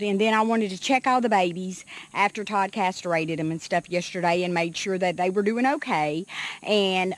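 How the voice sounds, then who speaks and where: A woman, giving a chatty walking vlog around her farm. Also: mid-range voice. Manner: chatty, calls out loudly to animals. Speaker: homestead vlogger. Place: outdoors on a farm by goat pens. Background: goats bleating.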